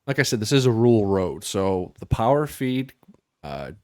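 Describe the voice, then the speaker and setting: A man running a tabletop game as game master, describing the scene in a halting, loose way with lots of fillers. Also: on the low side, sing-song, darkish tone, dry recording, studio quality.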